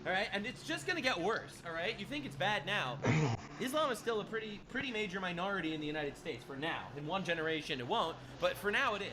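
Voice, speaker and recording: A man's voice: high-pitched, very animated, quick pace, music in the background. A man giving sarcastic, mocking online commentary as a political commentator.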